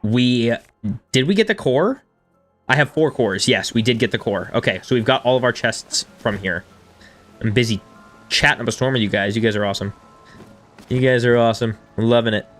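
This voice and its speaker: Man, thirties, casual live-stream chat, self-deprecating, mid-pitched voice, faint background music. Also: expressive, moderate pace, a bit bright. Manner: chatty and self-deprecating, reading chat aloud. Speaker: game streamer.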